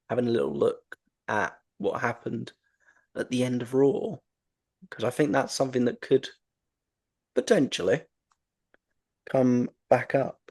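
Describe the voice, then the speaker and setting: A wrestling podcast host speaks in a mid-range, slightly mellow male voice. His casual chat is rambling and enthusiastic, broken up by many ums and restarts.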